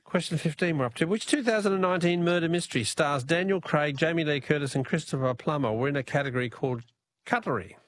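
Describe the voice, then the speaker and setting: A man's voice: on the high side, fast, slight background noise. A man with an Australian accent, hosting a talkback radio quiz, chatting and laughing easily with callers. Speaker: radio host.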